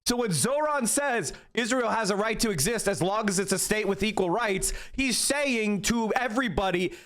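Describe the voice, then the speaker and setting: A man's voice: high-pitched, expressive, normal speed, fairly bright tone. A man streaming live political commentary, heated and profane, berating his chat.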